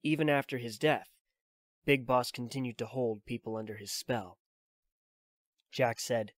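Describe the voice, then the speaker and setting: Audiobook narrator, male, mid-pitched voice, steady plain delivery, dry close mic. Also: unhurried, pauses often, dry recording. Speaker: audiobook reader. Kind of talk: reading a novel aloud.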